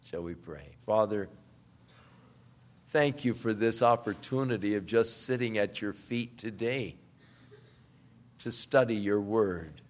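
Slow-speaking man leading prayer. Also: on the low side. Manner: soft, slow prayer tone, livelier and louder when exhorting. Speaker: pastor. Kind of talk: sermon closing prayer.

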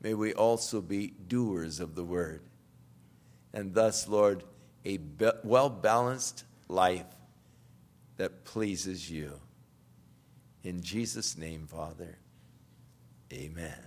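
Slow-speaking man leading prayer. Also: sits low. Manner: soft, slow prayer tone, livelier and louder when exhorting. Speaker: pastor. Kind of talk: sermon closing prayer.

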